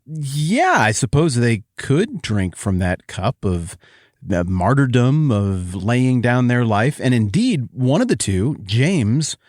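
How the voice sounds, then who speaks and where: A man hosting a Bible podcast, teaching in a joking, animated way that swings from excited to quiet. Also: mid-range voice, slow, no room sound, studio quality.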